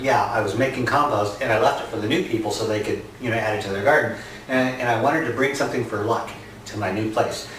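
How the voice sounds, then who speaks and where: Indoors at home, a gardening vlogger with a slightly bright, mid-range voice jokes and chats casually to camera for his viewers. Slight background noise is present, the room echoes, and the mic sits far off.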